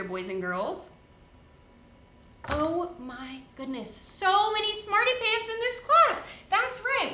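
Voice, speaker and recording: Woman, teacher, high and lively, slow and bright, roomy studio. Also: a little hiss or hum. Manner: sing-song, encouraging, talks to children. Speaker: first grade teacher. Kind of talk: televised classroom lesson. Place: studio set.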